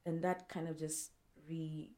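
A woman's voice: low voice, a little slow. A woman co-hosting a podcast, telling a personal story in a casual chat and acting out what her friends said. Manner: animated storytelling, acts out quoted friends, laughs often. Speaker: podcast co-host.

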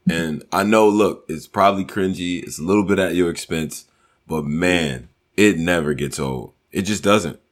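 A man in casual chat about battle rap, animated, laughing often and repeating lines for effect. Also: sits low, normal speed.

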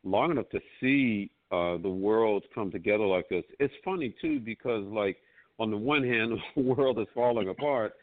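A male musician guest telling stories in an interview, animated, peppering his talk with "man" and "you know.". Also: fairly low pitch, normal speed. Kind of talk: storytelling interview. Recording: tinny phone-like line.

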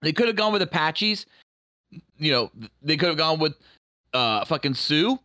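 A man's voice: a little high, very animated, normal speed, bright, forceful tone, dry recording. A man co-hosting a podcast in casual, crude, rambling chat. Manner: rambling, crude, laughs easily. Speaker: podcast co-host.

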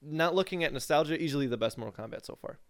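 Casual man with a smooth voice. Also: fairly high pitch, racing, dry recording, studio quality. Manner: animated, swears casually, sarcastic asides. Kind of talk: casual gaming chat.

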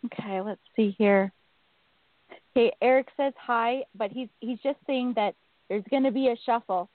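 A woman medium relaying messages in a reading, with a slightly high voice. Her delivery is hesitant and searching. The sound is dry and thin, like a phone line. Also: normal speed, no echo. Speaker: psychic medium. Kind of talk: psychic reading on call-in radio.

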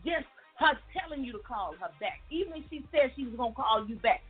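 A woman life coach telling an animated faith testimony in a folksy, preachy way, repeating words for emphasis. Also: high-pitched, brisk, husky. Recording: tinny phone-like sound, faint music.

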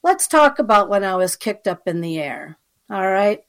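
As an interview guest, a woman shares personal stories in a chatty manner full of fillers and asides, often checking that the listener is following. Her voice sits at an ordinary middle pitch, sing-song, at normal speed.

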